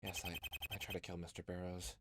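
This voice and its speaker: A man's voice: sits low, level tone, fast talker, very noisy, voice pushed down, lightly acted. A man voicing a subdued male art dealer giving a resigned confession, over game music.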